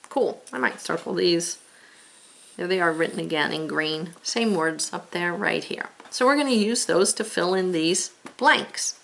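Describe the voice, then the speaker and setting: Woman teacher, gravelly voice, slow and patient spelling lesson for kids. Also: fairly low pitch, sharp tone. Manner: slow, patient, reads along with pupils. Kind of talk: spelling lesson for young children.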